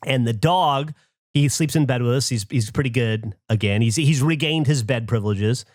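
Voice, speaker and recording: A middle-aged man co-hosting a podcast, telling a story in a lively, comic way and breaking into loud shouts when he acts it out. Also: mid-range voice, moderate pace, no echo, studio quality. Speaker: podcast co-host. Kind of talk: casual chat, comic storytelling.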